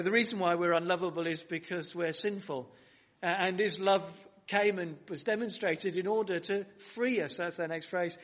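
A pastor delivers his sermon in a voice a little higher than most men's. He stresses his points with rising emphasis. He keeps turning to his listeners with rhetorical questions. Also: a bit bright. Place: church hall.

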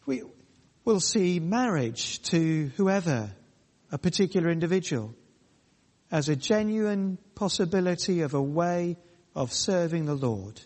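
A male preacher delivers a sermon with a somewhat high voice. He talks in short, emphatic phrases and often repeats himself for weight. His voice rings with a long reverb, as if recorded in a large church hall. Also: lively intonation, darkish tone. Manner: emphatic, repetitive, pausing phrases.

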